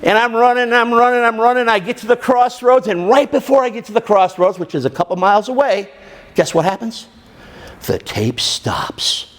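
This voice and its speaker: Animated high-voiced man telling a story. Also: moderate pace. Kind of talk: storytelling talk to an audience.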